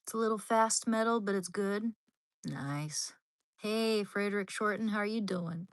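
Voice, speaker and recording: A woman's voice: mid-range voice, unhurried. A woman at home, chatting casually with her live-stream viewers. She rambles, trails off and starts over, then drops into baby talk for her dog. Her voice sits in the middle of the range, and the sound is dry and close, with no room echo.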